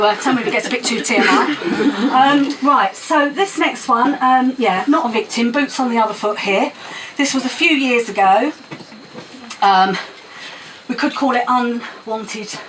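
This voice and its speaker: A middle-aged woman reads her poetry live from a stage in a small cafe venue. Her voice sits high and sounds bright and sharp, and the mic picks it up from a little distance, with a faint hum of the room behind her. She chats and giggles between poems, then launches into punchy, sweary rhymes. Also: measured pace. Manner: chatty, giggly asides between sweary, punchy rhyming verse. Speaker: performance poet. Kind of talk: live spoken-word poetry reading.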